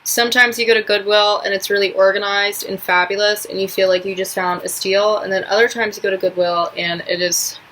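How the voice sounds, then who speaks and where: Bright-voiced rambling young woman vlogger. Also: mid-range voice, steady tone, a little fast, hardly any pauses, slight background noise, low-quality recording. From New York, US. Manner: rambling, heavy on filler words. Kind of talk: casual vlog chat.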